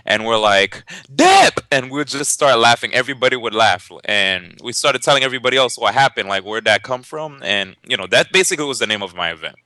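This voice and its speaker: In an interview, a young tournament organizer and commentator tells a story in a relaxed way, laughing often and full of fillers and false starts. His medium-pitched voice moves quickly with few pauses. The recording is dry.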